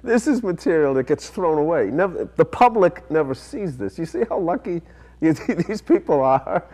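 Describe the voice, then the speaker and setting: A man's voice: fairly high pitch, sing-song, normal speed, a little mellow. A man hosting the conversation, speaking to the viewers with enthusiasm and laughing as he talks. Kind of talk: casual chat.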